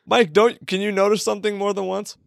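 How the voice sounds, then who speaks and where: High-voiced man, teasing and laughing. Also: flat delivery, brisk, gravelly, no room sound, clean studio sound. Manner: teasing, interrupting, laughing often. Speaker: podcast co-host. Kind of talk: casual comedy podcast chat.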